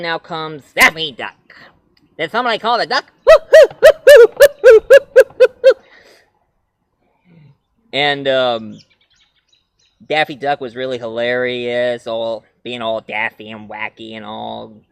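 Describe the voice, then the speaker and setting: A man's voice: medium pitch, steady tone, a little slow, gravelly, sharp tone, smooth, no echo. A man reviewing classic cartoons in a rambling, casual way with many fillers. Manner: rambling, frequent fillers, breaks into cartoon voices.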